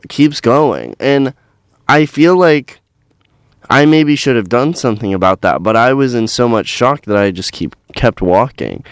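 A young man co-hosting a college radio show, chatting casually and telling stories with animated indignation. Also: medium pitch, clear, resonant tone, no room sound, studio quality. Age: young adult. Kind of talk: casual chat.

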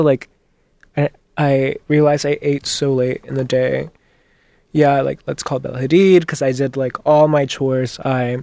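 A young man fills in as host on college radio, out of breath, chatty and rambling, and laughing often in casual on-air talk. His mid-range voice is creaky with a darkish tone, recorded dry on a studio microphone with headphones.

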